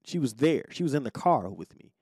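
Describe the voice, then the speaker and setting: Very animated and brisk, a medium-pitched man with a warm, breathy-edged tone tells a personal story on his podcast. About forty, he's blunt, laid-back and profane, frequently asking "you know what I'm saying," captured on a podcast mic with clean, echo-free studio sound.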